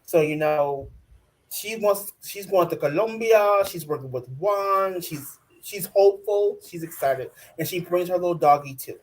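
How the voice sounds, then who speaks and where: A man co-hosting a casual TV recap chat, talking in an animated way, laughing often and repeating himself. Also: high-pitched, a little slow. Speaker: podcast co-host.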